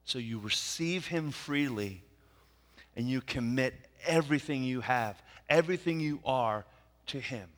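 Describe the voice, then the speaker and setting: A man preaches a sermon at an unhurried pace, leaning on repeated phrases to drive each point home. His voice sits in an ordinary middle pitch, and it rings out with a long reverb, as if in a large church sanctuary. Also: a bit bright. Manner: slow, deliberate, repeats key phrases for emphasis. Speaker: pastor. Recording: reverberant hall.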